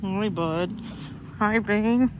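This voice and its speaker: A woman's voice: mid-range voice, very slow, dull audio, background noise. A woman fostering dogs, talking casually and cooing coaxing baby talk to puppies in an outdoor yard. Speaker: dog foster carer.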